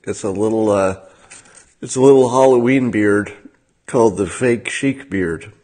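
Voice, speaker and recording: A man hosting a livestream, talking in a casual monologue with a dry, sardonic manner and frequent halting fillers. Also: lowish voice, darkish tone. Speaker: livestream host.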